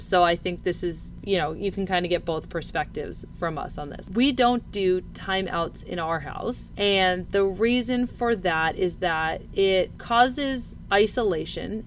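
A woman's voice: mid-range voice, fairly bright tone, slight background noise. A woman in her thirties co-hosting a casual parenting chat, talking earnestly and thinking aloud with lots of fillers. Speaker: podcast co-host.

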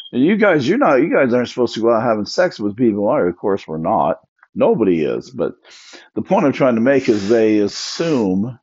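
A man's voice: fairly low pitch, darkish tone, breathy edge. A man talking casually on his own, sleepy and yawning, rambling with restarts as he tells his thoughts. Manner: rambling, chatty, with self-interrupting restarts. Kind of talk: casual solo monologue. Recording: dull lo-fi recording.

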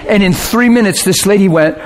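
A man preaching, telling a personal story with lively swings between hushed and shouting moments. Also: sits high, brisk. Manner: animated, bursts into shouting and laughter. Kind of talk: sermon storytelling.

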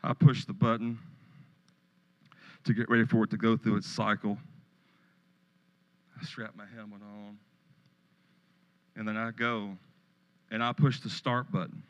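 A man's voice: on the low side, flat delivery, a little slow, pauses often, fairly bright tone, highs cut off. A middle-aged man pastor preaching a sermon, telling stories and joking with the congregation in a church. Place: church sanctuary.

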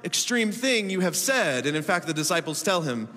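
A man in his thirties preaching a sermon as pastor, emphatic, with laughing asides and big swings between loud and soft. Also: sits high, sing-song, moderate pace. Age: 30s. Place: church auditorium. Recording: echoey hall reverb.

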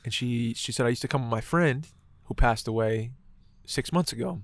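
A man's voice: mid-range voice, normal speed, no room sound. A man telling a moving personal story in casual conversation, swearing often and filling his talk with "like" and "right". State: choked up.

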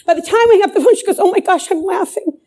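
A woman's voice: very high-pitched, fast talker, mellow. A middle-aged woman preaching a sermon with fervor, repeating phrases for emphasis.

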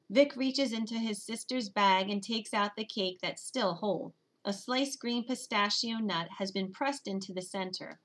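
A woman giving expressive, steady first-person narration of a children's storybook. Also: mid-range voice, normal speed, few pauses. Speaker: audiobook narrator.

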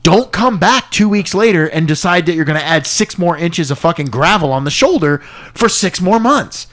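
A man's voice: fairly high pitch, lively intonation, moderate pace, fairly bright tone. A man co-hosting a podcast in a brash, profane, strongly opinionated casual chat. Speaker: podcast co-host. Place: podcast studio. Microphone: standing desk mic.

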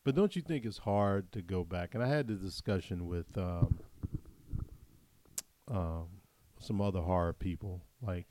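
A man's voice: deep voice, measured pace, dark tone, a little hiss or hum. A man co-hosting a casual movie chat, chatty with many you-knows and likes. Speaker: podcast co-host.

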